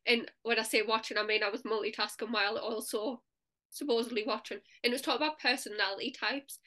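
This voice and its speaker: Chatty woman, high bright voice. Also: fairly even intonation, fast. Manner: chatty, laughs often, many "like" fillers, acts out inner voices. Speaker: podcast co-host. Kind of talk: casual chat.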